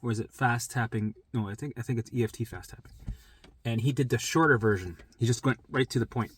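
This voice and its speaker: A man's voice: medium pitch, fast talker, husky. A man talking casually to camera, rambling and repeating himself as he explains something.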